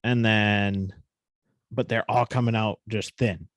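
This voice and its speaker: Man, new england accent, swears a lot, lowish pitch, dry close sound, casual podcast talk. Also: slow, no echo. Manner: profane, animated storytelling. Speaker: podcast co-host.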